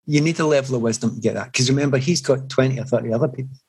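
A middle-aged former footballer tells reflective stories in an interview, his mid-range, husky voice coming rapid-fire through a rough recording. His anecdotes are animated and full of restarts.

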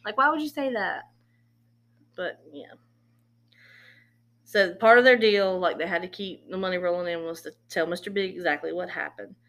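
A woman's voice: lowish voice, normal speed, fairly bright tone. A woman hosting a podcast, casually retelling events and slipping into quoted dialogue. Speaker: podcast host. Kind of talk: casual true-crime storytelling.

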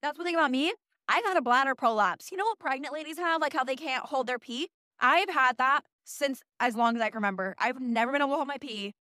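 Young woman, early twenties, high-pitched, dry close sound, animated, swears freely, self-mocking storyteller. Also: quick pace, dry recording. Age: early 20s. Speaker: podcast host. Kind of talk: casual storytelling monologue.

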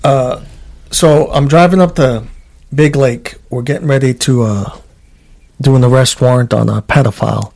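A middle-aged man, a former trooper, telling stories in a casual chat, animated and swearing, acting out what people said. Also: medium pitch, normal speed, gravelly. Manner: animated storyteller, swears, acts out quotes.

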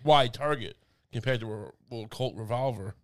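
A man's voice: medium pitch, moderate pace. A young man co-hosting a casual comedic podcast chat, rambling with stammered restarts and silly put-on voices. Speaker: podcast co-host.

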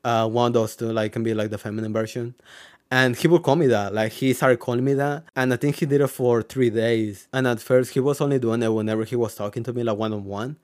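Young man from Mexico, mid-pitched, casual vlogger, rambling and filler-heavy, swears freely. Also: fairly even intonation, fast talker, darkish tone. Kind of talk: casual storytelling to camera.

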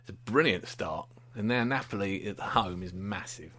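A man's voice: lowish voice, moderate pace, bright, forceful tone. A man co-hosting a casual football fan chat, giving blunt, opinionated match analysis with wry humour. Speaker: football fan podcast co-host.

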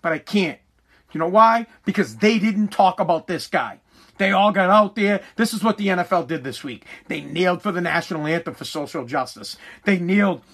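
A man in an angry, profane rant to camera, swearing, repeating himself and sometimes shouting. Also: high-pitched, lively intonation, moderate pace. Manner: heated, swearing, repeats words, shouts at times.

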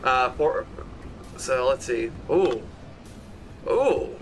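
A man narrating as game master for a tabletop role-playing session, halting often with fillers. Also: mid-range voice, lively intonation, a little hiss or hum. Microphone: streaming setup with audio box.

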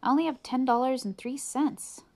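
A woman's voice: sits high, moderate pace, gravelly, darkish tone, voice pushed up. Woman voicing Arthur, an eager young boy. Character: young boy aardvark, earnest and worried.

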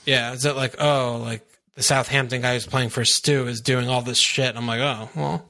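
Tired man with a bright voice. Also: mid-range voice, flat delivery, normal speed. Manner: easygoing, many fillers like "you know" and "yeah". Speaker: podcast co-host. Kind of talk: casual chat.

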